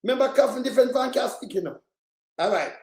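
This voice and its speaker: A woman with a Jamaican accent ranting casually to camera, insistently repeating herself in a mocking tone and breaking into loud shouts. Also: on the high side, animated, fast, roomy sound. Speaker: vlogger.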